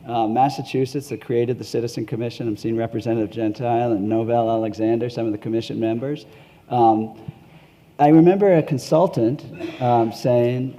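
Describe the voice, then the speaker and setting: A man's voice: mid-range voice, a little fast. Man telling stories on a panel. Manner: animated storytelling with chuckles. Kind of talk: conference panel talk. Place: hotel ballroom.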